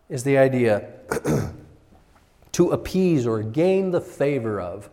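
A man's voice: mid-range voice, expressive, slow pace, mellow. Guy preaching, chatty, voices the characters now and then, big hall echo. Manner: conversational, acts out characters' voices. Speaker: pastor. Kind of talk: sermon. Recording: hall reverb.

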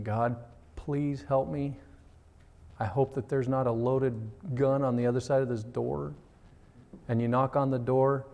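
A man, a pastor preaching a sermon in church, animated and acting out the voices and prayers he quotes. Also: mid-range voice.

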